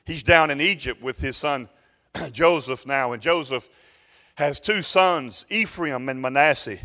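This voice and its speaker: A pastor, telling a story and building to loud, fervent preaching in a sermon. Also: male voice, medium pitch, unhurried, in a large hall.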